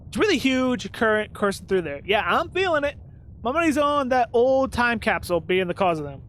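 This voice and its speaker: A man's voice: extremely high pitch, very animated, a little fast, a bit bright, a little hiss or hum. A man giving casual let's-play commentary, sarcastic and muttering at the game. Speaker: gaming video host.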